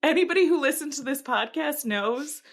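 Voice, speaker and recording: A woman's voice: high voice, lively intonation. A woman from Minnesota co-hosting a podcast, chatting in a giggly, playful way. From Minnesota, USA. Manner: giggly, playful, quick asides. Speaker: podcast co-host. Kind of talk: casual chat.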